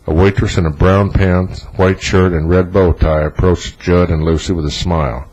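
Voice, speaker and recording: A man reading a novel aloud as narrator in a flat, even delivery. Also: deep voice, moderate pace, slightly rough, poor audio. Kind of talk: audiobook narration.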